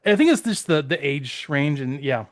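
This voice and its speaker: A man's voice: a little high, expressive, normal speed. A man co-hosting a casual podcast, musing in a rambling, reflective way. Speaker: podcast co-host. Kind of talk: casual chat.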